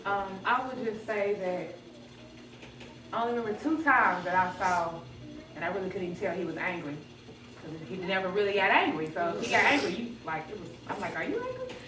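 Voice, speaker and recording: A woman telling fond, gently humorous stories at her grandfather's funeral. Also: medium pitch, brisk, background noise. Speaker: granddaughter giving a eulogy. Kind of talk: emotional memorial speech. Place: church funeral service. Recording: echoey hall, distant mic, crowd.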